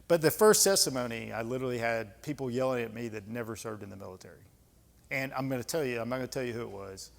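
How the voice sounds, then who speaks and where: Gravelly American man in a reverberant hall. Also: medium pitch. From United States. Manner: blunt, conversational, emphatic, with folksy asides. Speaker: guest speaker, retired senior Army enlisted leader. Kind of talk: candid lecture Q&A storytelling. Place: club lecture hall.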